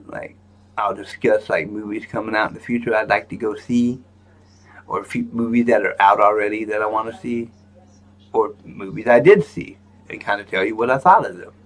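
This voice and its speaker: A man's voice: fairly low pitch, moderate pace. A man hosting a live stream in a rambling, joking manner, with lots of fillers and restarts. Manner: joking, self-mocking. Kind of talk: casual live-stream chat.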